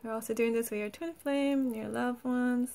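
Gentle, slightly high-voiced woman healer. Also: steady tone, normal speed, creaky. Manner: gentle, soothing, laughs often, says "like" a lot. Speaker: energy healer. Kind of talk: guided healing session.

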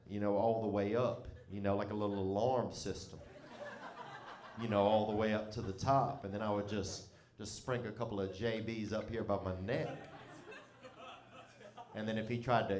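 A man's voice: lowish voice, fairly even intonation, moderate pace, darkish tone, roomy sound. A man telling a comic story in a loose, rambling, profane way, often breaking into laughter. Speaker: comedian.

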